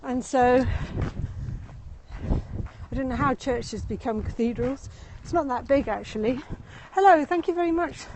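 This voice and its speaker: A high-pitched woman chats her way through a walking tour outdoors, speaking into a handheld phone as she goes. She rambles, laughs often, and sounds slightly out of breath. Faint open-air ambience sits behind her voice. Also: measured pace, noisy background. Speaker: tour guide. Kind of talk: live-streamed walking tour. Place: outdoors in a city meadow and gardens.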